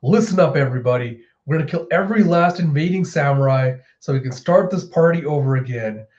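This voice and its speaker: A man's voice: a little high, animated, a little fast, a little mellow, highs cut off, natural voice. Man doing Big Mom, monstrous old pirate woman. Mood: wrathful. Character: monstrous old female pirate giant, menacing.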